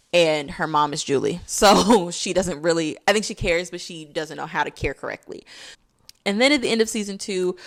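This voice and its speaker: A young woman talking through a casual video essay, chatty and full of "like"s. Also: lowish voice. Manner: chatty, filler-heavy, with many "like"s.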